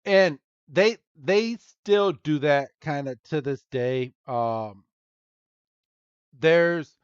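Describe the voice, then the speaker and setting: A podcast co-host with a slightly high voice talks extremely slowly, his tone clean and free of echo despite the lo-fi sound. He's chatting casually and animatedly while recapping a cartoon, laughing often and dropping apologetic asides.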